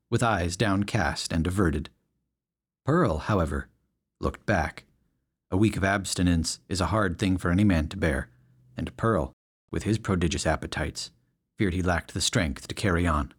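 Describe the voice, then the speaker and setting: A man's voice: on the low side, normal speed. A man narrating a western story in a wry storytelling manner. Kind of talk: audiobook narration.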